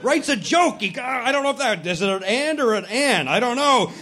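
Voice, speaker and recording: A man's voice: high voice, sing-song, quick pace, few pauses, pushed and bright. A man hosting a podcast live on a comedy club stage, talking in a brash, sarcastic, profane way. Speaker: podcast host. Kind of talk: live stand-up style podcast banter. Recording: live club recording with crowd and noise. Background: audience laughter.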